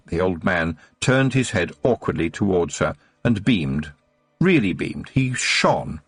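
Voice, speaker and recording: A man narrates a novel with expressive storytelling and a lively voice that moves up and down. His tone is gravelly and a bit husky. The recording is close and dry. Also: deep voice, a little slow, dry recording, faint music behind. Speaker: audiobook narrator. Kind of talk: scripted narration.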